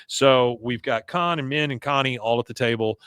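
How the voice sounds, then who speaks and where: A man hosting a podcast, casually recapping a cartoon episode with animated retelling. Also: mid-range voice, normal speed, clear, resonant tone, dry recording, clean studio sound. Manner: animated retelling, chuckling asides. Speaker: podcast host.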